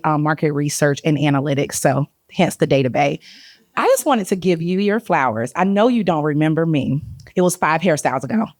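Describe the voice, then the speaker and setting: A woman's voice: fairly low pitch, darkish tone, no echo. A woman with a country Southern accent giving a candid, grateful comment from the audience at a panel. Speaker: audience member.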